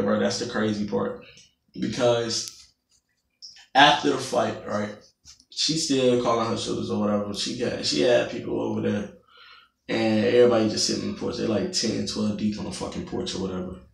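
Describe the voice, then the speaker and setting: Gravelly young man telling a profane story. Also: on the low side, fairly even intonation, normal speed. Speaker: vlogger. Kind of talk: storytime vlog. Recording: roomy, distant mic.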